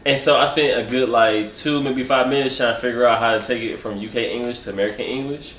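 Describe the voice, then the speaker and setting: Relaxed man telling a self-mocking story. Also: medium pitch, fast talker, reverberant, a little hiss or hum. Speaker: podcast co-host. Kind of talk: casual chat.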